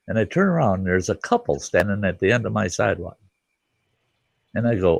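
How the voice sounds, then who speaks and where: Gravelly folksy man telling a story. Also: low voice, animated, fairly quick, dry recording. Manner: folksy rambling storyteller, swings into loud quoted voices. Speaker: livestream host. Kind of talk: casual storytelling chat.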